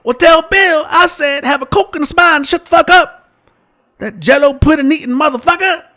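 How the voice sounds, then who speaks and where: A man doing a stand-up impression of a blunt, foul-mouthed older male comedian who gives advice in rapid, profane and dismissive talk. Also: very high voice, pushed and bright, pitched above the performer's own voice. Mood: brash.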